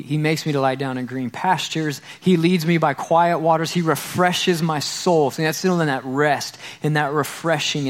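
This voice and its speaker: A man preaching a sermon as pastor, earnest, repeating key phrases and tripping over repeated words. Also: a little high.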